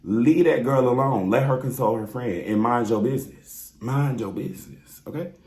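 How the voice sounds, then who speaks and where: A man's voice: medium pitch, normal speed, a little mellow, a little hiss or hum. A man giving a blunt, sassy, profanity-laced recap of a reality show, talking straight to his viewers. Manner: sassy, blunt and exasperated, swears freely, talks straight to viewers. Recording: roomy echoey room.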